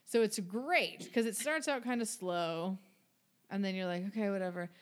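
A woman's voice: medium pitch, normal speed. A young adult woman co-hosting a casual chat, chatty and sarcastic. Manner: chatty and sarcastic, breaks into singing. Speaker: podcast co-host.

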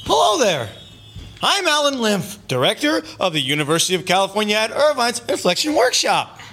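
High-voiced man, salesy and chipper, spoof commercial. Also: wildly swooping pitch, fairly quick, bright, forceful tone. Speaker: spoof ad announcer. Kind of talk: mock commercial.

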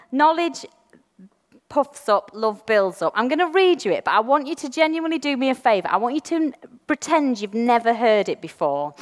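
An English woman giving a chatty, self-deprecating sermon in a church, slowing down to read scripture deliberately. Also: fairly high pitch, in a large hall. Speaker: preacher.

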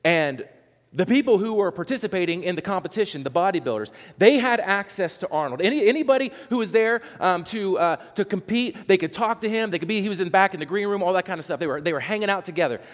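A man preaching a sermon to his congregation, animated and conversational, acting out what people said, with many restarts. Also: sits high, quick pace, in a large hall. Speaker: pastor.

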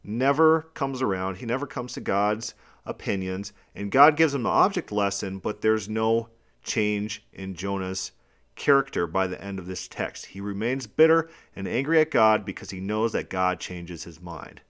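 A man with a lowish voice leads a podcast Bible study. He reads scripture passages aloud, then breaks each one down in plain, explanatory terms. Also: lively intonation, moderate pace, fairly bright tone. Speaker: Bible teacher.

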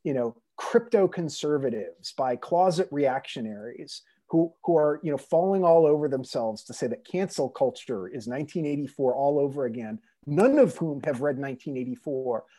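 A man's voice: mid-range voice, lively intonation, moderate pace, hardly any pauses, mellow. A man co-hosting a casual literary discussion, speaking passionately and with strong opinions, swearing now and then and leaning on fillers. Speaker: co-editor and podcast co-host.

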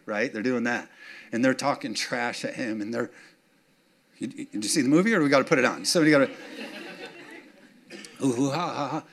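A male pastor delivering a sermon in a mid-pitched voice. He talks straight to the congregation, checks that they are following, and builds to punchy, emphatic points. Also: brisk, long pauses, a bit bright. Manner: call-and-response, keeps checking in with the congregation; rises to emphatic, punchy declarations.

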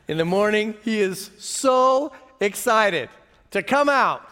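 A middle-aged man preaching a sermon, telling stories in a lively way, chuckling often and asking the audience questions. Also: sits high, takes it slowly, clear, resonant tone. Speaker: pastor. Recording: reverberant hall.

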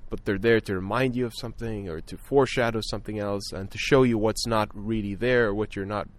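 A man with a lowish voice talks films in a relaxed, unscripted way. He pauses often, restarting sentences with plenty of fillers as he thinks aloud. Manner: thoughtful, many fillers and restarts. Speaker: film podcast guest. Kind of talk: casual film discussion.

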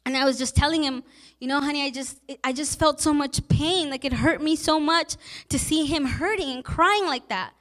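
Young woman pastor, high voice, heartfelt storytelling sermon. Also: normal speed, a bit bright. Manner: personal storytelling, emotional and earnest.

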